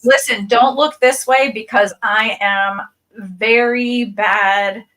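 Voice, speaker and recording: A woman's voice: fairly high pitch, steady tone, slow, fairly bright tone. A co-host woman joking playfully with the guest. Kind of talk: casual chat. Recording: off-mic, a bit distant.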